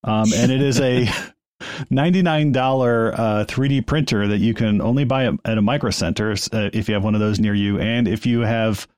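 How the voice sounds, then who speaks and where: A man's voice: lowish voice, moderate pace, darkish tone, dry recording, clean studio sound. A man co-hosting a casual podcast, chatty and self-deprecating as he describes a hobby. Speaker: podcast co-host. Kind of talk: casual panel chat.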